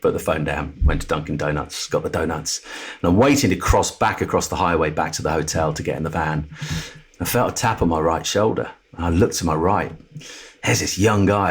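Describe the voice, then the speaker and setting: A man's voice: sits low, breathy edge. A middle-aged Englishman, a TV presenter and podcast guest, telling his personal story with candour and acting out the voices of others. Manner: animated storyteller who acts out the voices of others.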